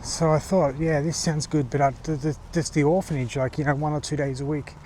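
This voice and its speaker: A man in his forties with an Australian accent, vlogging in a casual, halting monologue full of fillers and restarts, from a car on the road. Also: on the high side, little pitch movement, a little mellow, slight background noise. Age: 40s.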